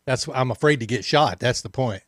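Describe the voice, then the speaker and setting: A man's voice: mid-range voice, fairly quick, fairly bright tone, dry recording, clean studio sound. A man hosting a talk show, bantering easily and laughing often. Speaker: host. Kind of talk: casual chat.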